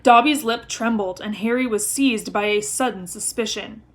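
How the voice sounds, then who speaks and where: A woman reading a novel aloud with expressive storytelling. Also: medium pitch, moderate pace, few pauses. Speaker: reader.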